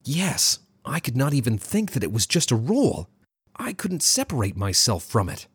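A reader voicing a timid, flustered young man in love who speaks in a squeaky, hesitant way. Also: wildly swooping pitch, normal speed, husky, dry recording, clean studio sound, heavily acted. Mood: amazed.

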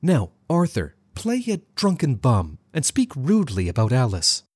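Narrator doing a firm woman tutor, commanding, coaching, husky, dry. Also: medium pitch, huge pitch swings, normal speed, darkish tone, no echo, pitched above the performer's own voice.

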